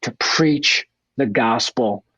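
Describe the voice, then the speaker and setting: A man's voice: mid-range voice, slow pace, sharp tone, slightly rough, no room sound, poor audio. A man from Denver, a guest evangelist, telling his life story in a radio interview with blunt, earnest directness, acting out family dialogue. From Denver, Colorado.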